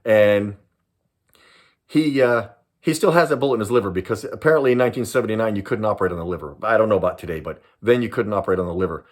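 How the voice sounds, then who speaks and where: Lively older man telling a war story. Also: on the low side, fast talker. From Southern California. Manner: animated, dramatic storyteller who acts out voices and laughs. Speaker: retired police sergeant and private investigator. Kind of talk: personal storytelling to camera.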